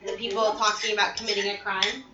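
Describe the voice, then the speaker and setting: A woman's voice: medium pitch, little pitch movement, quick pace, roomy sound, lo-fi sound, a crowd in the background. A woman co-hosting a casual chat, sharing anecdotes and starting with little hesitations. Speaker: podcast co-host.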